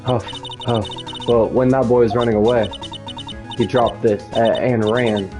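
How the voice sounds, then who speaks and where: A man's voice: medium pitch, steady tone, unhurried, dark tone, close to an everyday voice. A man voicing a cranky old woman guard who wheezes and puffs between her words, over game music. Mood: huffing, grumpy.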